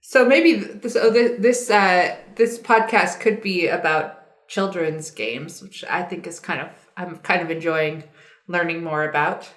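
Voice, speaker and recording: A woman's voice: lowish voice, measured pace. A woman co-hosting a podcast in casual chat, reading out facts from a web page as she talks. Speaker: podcast co-host. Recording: roomy echo.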